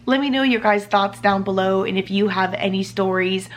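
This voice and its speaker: A woman's voice: mid-range voice, moderate pace, slight background noise. A woman in her thirties, an adoptive mother, telling a heartfelt story to her vlog audience in a chatty way with lots of fillers. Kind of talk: casual storytelling to camera.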